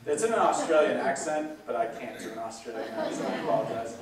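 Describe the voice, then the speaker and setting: A man from a zoo's staff giving a relaxed, chatty public talk with many fillers, heard from a distance in a large hall. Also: mid-range voice, fast talker, hardly any pauses. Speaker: zoo staff speaker. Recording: roomy hall sound from a distance.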